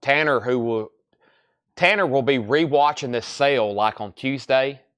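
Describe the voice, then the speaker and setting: A tired man with a drawl hosts a live sale, talking in a relaxed, folksy patter. He sounds sleepy but keeps the sales talk going, friendly and unhurried. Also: mid-range voice, smooth. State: sleepy, yawning. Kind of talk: live auction selling.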